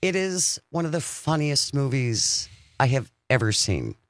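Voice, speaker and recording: A man's voice: medium pitch, big pitch swings, dry recording. A man hosting a radio talk show, chatting casually and upbeat in the studio. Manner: upbeat, chatty, reads phone number slowly. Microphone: studio microphone.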